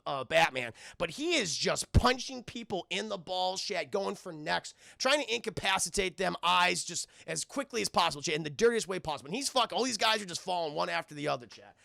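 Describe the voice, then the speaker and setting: A man's voice: high-pitched, creaky, bright, forceful tone, no echo, studio quality. A man streaming a cartoon episode recap, animatedly retelling scenes, acting out characters' lines and swearing as he talks to his chat. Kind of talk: excited live recap chat.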